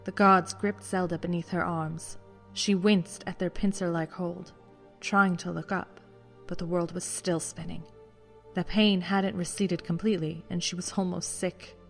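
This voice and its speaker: A man giving dramatic scripted audiobook narration, dropping to a hush at tense moments. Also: high-pitched, little pitch movement, measured pace, gravelly, soft background music.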